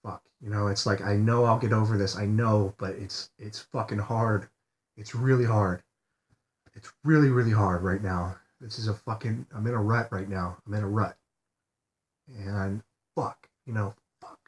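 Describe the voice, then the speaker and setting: A man with a lowish voice records a video diary from his bed, sounding depressed. He talks quietly and haltingly, circling back to the same words and cursing often. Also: steady tone. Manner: quiet, halting, repeats himself and swears often. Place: lying in bed.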